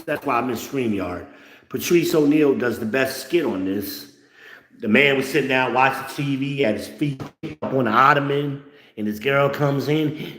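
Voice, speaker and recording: A man giving blunt, profane relationship advice in an animated, lecturing monologue. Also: mid-range voice, normal speed, echoey room. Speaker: online commentator.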